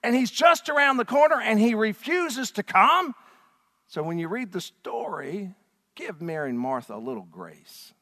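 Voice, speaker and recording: High-voiced preacher in a reverberant hall. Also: male voice, big pitch swings, moderate pace. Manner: dramatic swings from quiet to shouting. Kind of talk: sermon.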